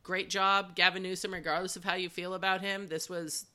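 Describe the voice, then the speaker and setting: Woman hosting a podcast with friends, lowish bright voice, chatty and opinionated. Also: little pitch movement, a little fast. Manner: chatty, opinionated, laughs often. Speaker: podcast host. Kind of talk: casual group chat.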